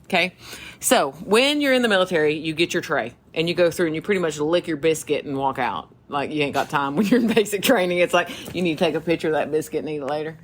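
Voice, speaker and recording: A woman with a Southern US accent, co-hosting a podcast and telling stories in casual chat, animated, laughing often and acting out quoted voices. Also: sits low, fast, a little hiss or hum. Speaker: podcast co-host.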